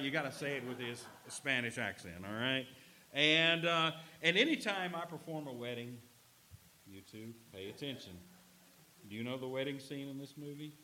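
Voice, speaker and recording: A pastor preaching a sermon, animated and humorous, swinging between loud emphasis and quiet asides to the congregation. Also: male voice, mid-range voice, moderate pace, slight background noise, low-quality recording.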